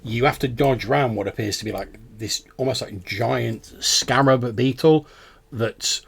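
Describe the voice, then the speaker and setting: A man's voice: mid-range voice, a little slow, vocal fry. A man, narrating a tabletop game as game master in a loose, chatty way.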